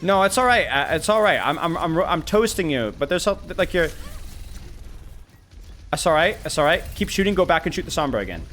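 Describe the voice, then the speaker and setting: Animated man coaching over gameplay. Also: on the high side, slight background noise. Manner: animated, excitable, talks fast in bursts with repeated phrases. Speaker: game coach. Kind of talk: live-streamed gameplay coaching.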